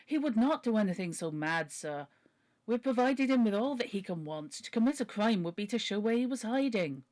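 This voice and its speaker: A woman's voice: a little high, expressive, moderate pace, darkish tone, close to an everyday voice. A woman voicing a humble, pleading older male butler while reading a novel aloud. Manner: earnest, deferential, begging.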